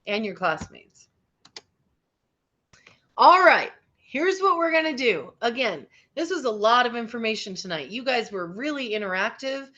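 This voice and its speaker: Fairly high and sing-song, this teacher's voice moves at a measured pace and comes across pushed and bright. She runs an interactive online workshop for teens, staying upbeat and encouraging while frequently checking on the group. The audio is a slightly dull video-call recording.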